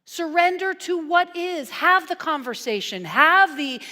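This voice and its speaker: A woman minister giving a conversational sermon, animated and playful in her storytelling, turning hushed and earnest at times. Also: very high-pitched, measured pace. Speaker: guest minister. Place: church sanctuary. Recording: long reverb from a church hall.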